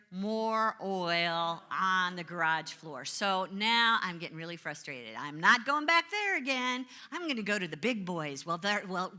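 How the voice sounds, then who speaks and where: Middle-aged woman minister, bright clear tone, chatty sermon, pokes fun at herself. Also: lowish voice. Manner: conversational, self-mocking storytelling with acted-out complaints.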